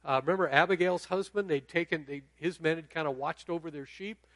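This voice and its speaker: A man's voice: fairly high pitch, a little fast, fairly bright tone, no room sound. A middle-aged man preaching a sermon in a conversational way, often checking in with the audience. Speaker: pastor.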